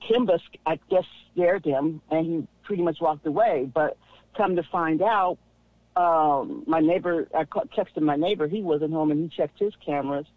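A man calling in to a radio show, chatty and quick to laugh as he tells a story. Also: a little high, no room sound. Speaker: caller. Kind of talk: casual call-in chat. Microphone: phone. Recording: dry tinny phone line.

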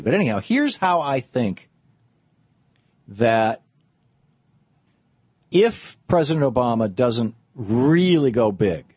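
A man's voice: medium pitch, breathy edge, no room sound, highs cut off. A middle-aged man hosting a talk radio monologue, rambling with frequent restarts and fillers. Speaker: radio host.

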